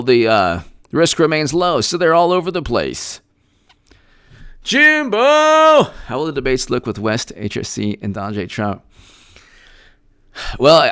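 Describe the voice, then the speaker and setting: Recorded in a clean studio with no room sound, this man's mid-range voice is slightly bright, clear and resonant. Speaking alone on politics, he argues through rhetorical questions, frequent restarts and fillers, punctuated by mocking, scoffing laughter.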